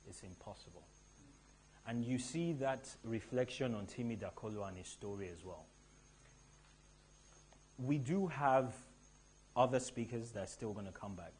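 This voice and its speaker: A man from Nigeria hosting a live event, telling stories to the audience in an animated, emphatic way from a stage mic. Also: on the low side, moderate pace, long pauses, slight background noise. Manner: animated storytelling with a rising, emphatic delivery. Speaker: event host.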